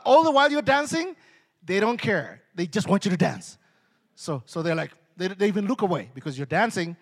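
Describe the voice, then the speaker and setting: A man preaching a sermon, animated, acting out voices and swinging between hushed and loud. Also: high-pitched. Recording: long hall reverb.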